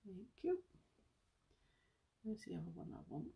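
A chatty woman from Britain hosts a casual beauty live stream, a bit out of breath. Her voice has a gravelly, husky edge. She talks to her viewers as guys and hums under her breath between tasks. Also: mid-range voice, sing-song, a little slow, dark tone. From United Kingdom. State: slightly out of breath. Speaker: beauty seller livestreaming.

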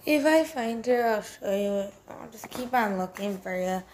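A woman's voice: on the high side, expressive, normal speed, darkish tone, a little hiss or hum. A woman vlogging at home with a handheld camera, chatting in a rambling way with lots of fillers as she shows her cats. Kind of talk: casual home vlog. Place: at home, walking between rooms.

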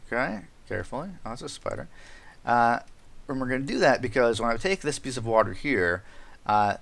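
A man's voice: medium pitch, animated, fairly quick, creaky, a bit bright. A man hosting a family-friendly game let's-play, chatting directly to young viewers, explaining each step and exclaiming as he plays. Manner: frequent exclamations while playing. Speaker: Minecraft let's-play host. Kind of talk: kid-friendly gameplay commentary.

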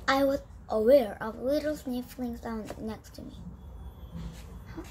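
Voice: medium pitch, slight background noise, rough recording. A child whose first language is Korean, reading an English storybook aloud and practising pronunciation, often stopping to repeat and correct words. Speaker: young English learner.

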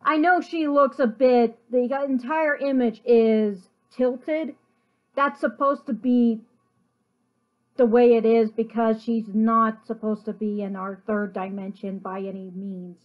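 A woman chatting casually about her artwork, slow and meandering as she pauses to recall details. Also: on the high side, steady tone, highs cut off. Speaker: artist and channel host.

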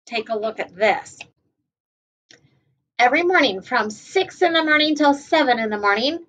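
A woman kindergarten teacher reading a picture book aloud to children, gently stopping to explain words. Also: high-pitched, animated, normal speed, poor audio.

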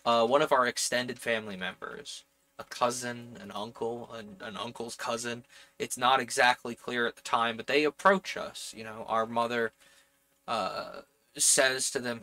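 A man narrating a solo tabletop game, speaking as his character in the first person plural. He muses and wanders through the telling in a reflective way. His voice is bright and sits at a middle pitch. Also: steady tone, unhurried.

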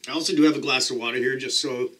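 A man's voice: mid-range voice, fairly even intonation, very fast, sharp tone. A man casually talking to the camera as a pepper-eating vlogger, chatty and self-deprecating, describing the burn as it builds.

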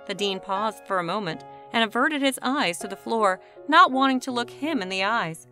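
Woman narrator, bright, clear reading voice, measured pace, faint music under her. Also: fairly high pitch, expressive. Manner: smooth, measured storybook reading. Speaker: storyteller. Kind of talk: scripted narration.

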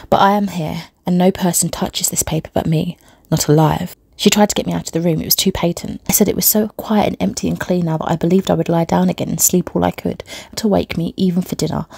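A woman reading an audiobook in a hushed voice that often drops to a whisper. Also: fairly low pitch, vocal fry, slightly rough, no echo, studio quality. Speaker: audiobook reader. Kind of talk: scripted audiobook narration.

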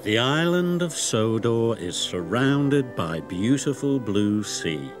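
Male narrator for a kids' cartoon, mid-pitched, widely swinging delivery. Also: takes it slowly, music in the background. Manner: animated, storyteller's sing-song. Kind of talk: storybook narration for children.

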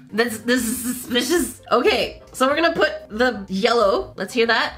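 A woman hosting a casual let's play of a mobile game, playful and expressive, with jokey asides to her viewers and big jumps in pitch. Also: unhurried, faint music behind. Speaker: gaming channel host.

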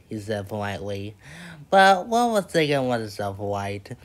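A woman reads a children's picture book aloud, adding playful, chatty asides to the listener. Her voice is low, but it swings widely up and down as she tells the story. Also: expressive, normal speed. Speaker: storybook reader.

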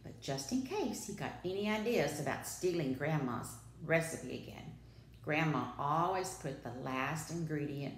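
A woman preschool teacher reading a storybook aloud with dramatic, expressive delivery. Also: deep voice, a little slow, slight background noise. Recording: echoey room.

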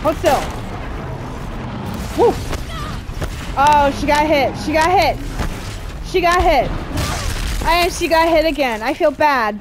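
A woman giving excitable let's-play commentary while gaming, squealing and cheering through the fights. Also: high voice, background noise. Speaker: gamer playing a video game. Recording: game music playing behind the voice.

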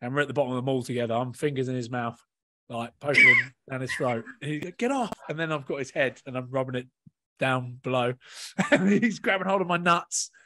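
A rugby player on a podcast panel, chatting casually and telling animated, laughing stories with acted-out quotes. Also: male voice, mid-range voice, fairly quick, background noise.

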